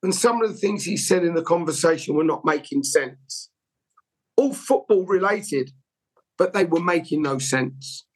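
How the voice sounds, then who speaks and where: A man with a fairly high, husky voice tells long anecdotes as an interview guest. He rambles from one detail to the next with open, heartfelt candour. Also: low-quality recording. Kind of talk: conversational storytelling.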